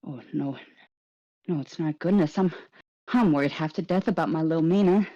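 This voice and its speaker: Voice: mid-range voice, moderate pace, mellow, no room sound, highs cut off, voice pushed up, lightly acted. A player voicing a doting, anxious middle-aged Southern woman who calls people sugar and honey. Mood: fretful.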